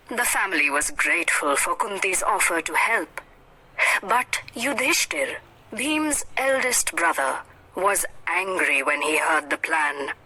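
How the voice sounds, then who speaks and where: A woman teacher reading a story aloud for an English lesson, slow and expressive. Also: lowish voice, poor audio.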